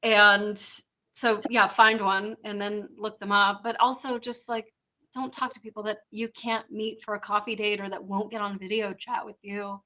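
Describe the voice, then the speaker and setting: A woman's voice: medium pitch, flat delivery, normal speed, muffled recording. A woman co-hosting a podcast, chatting casually and sarcastically with many fillers. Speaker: podcast co-host. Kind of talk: casual chat.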